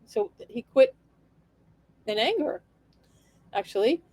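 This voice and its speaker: A woman's voice: a little high, animated, moderate pace, long pauses, a little mellow, no echo, poor audio. A woman vlogger giving casual, wry commentary on local town politics, chatty and sarcastic with many restarts.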